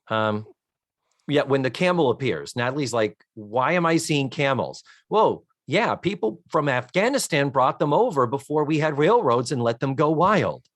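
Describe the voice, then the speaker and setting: Animated man, swinging pitch, dry close mic. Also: no room sound. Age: 40s. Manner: animated, swears freely, acts out scenes in quick mock voices. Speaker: podcast co-host. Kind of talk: casual comedic recap chat.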